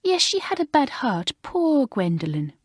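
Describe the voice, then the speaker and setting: A woman's voice: sits high, sing-song, normal speed, slightly rough, no room sound, studio quality, pitched above the performer's own voice, full character voice. A woman doing a gushing French schoolmistress. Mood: fussing. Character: fussy excitable older French schoolmistress.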